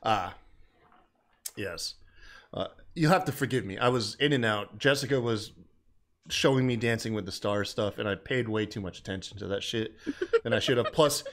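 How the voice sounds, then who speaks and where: A man's voice: fairly low pitch, normal speed, a bit bright, slight background noise. A man co-hosting a casual wrestling recap podcast, laid-back and jokey, slipping into quoted voices. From American South. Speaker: podcast co-host.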